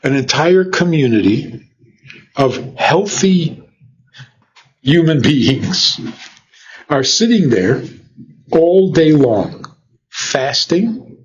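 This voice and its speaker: A man's voice: on the high side, sing-song, drawn-out words, pauses often, dull audio. A man who is a rabbi, giving an informal teaching talk full of rhetorical questions, often chuckling. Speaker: rabbi and lecturer.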